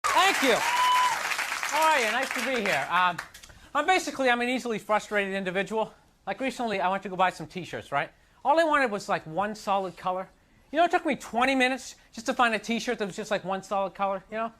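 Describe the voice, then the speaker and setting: A man's voice: very high voice, animated, fairly quick. A man doing a stand-up comedy set, ranting in an exasperated, self-mocking way and slipping into mocking voices. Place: comedy club stage. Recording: live club recording with crowd and noise. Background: audience laughter.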